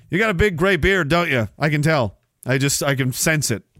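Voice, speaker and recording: A man's voice: a little high, a bit bright, no room sound, studio quality. A man hosting a livestream, reading chat aloud in a profane, sardonic way and laughing often. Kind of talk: casual chat.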